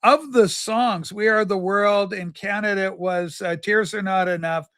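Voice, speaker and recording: A man's voice: sits high, steady tone, a little slow, a bit bright, smooth, no room sound, studio quality. A man hosting a livestream in a campy, rambling chat, telling stories in a flamboyant persona. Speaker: livestream host. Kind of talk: casual chat.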